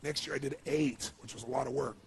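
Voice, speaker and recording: Gravelly guy telling a heartfelt story to a crowd, lots of "you know", bit of hiss behind. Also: medium pitch, fast. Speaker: motivational speaker. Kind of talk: emotional storytelling speech.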